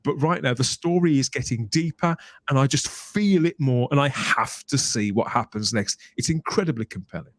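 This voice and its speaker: A man's voice: mid-range voice, moderate pace, few pauses, dry recording. Enthusiastic man on a podcast, dry sound. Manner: enthusiastic, emphatic, repeats words when excited. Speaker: guest podcaster. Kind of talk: casual podcast discussion.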